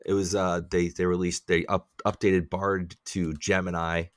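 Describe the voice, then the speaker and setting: Low-voiced profane man ranting on a podcast. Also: normal speed, no echo. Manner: profane, ranting, animated complaints. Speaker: podcast co-host. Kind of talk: casual chat.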